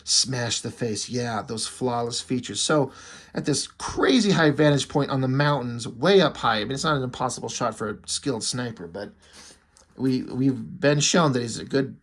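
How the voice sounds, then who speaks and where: A man's voice: medium pitch, normal speed. A man reviewing a comic book in casual commentary, irreverent and wry, with frequent swearing.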